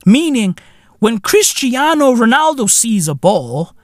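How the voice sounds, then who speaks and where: A woman hosts her podcast with a profane, incredulous comedic rant. Her voice sits fairly high and swings widely in pitch. The sound is dry and close to the mic. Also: very animated, slow pace, dry recording. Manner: profane, incredulous ranting with frequent slang tags. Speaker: podcast host.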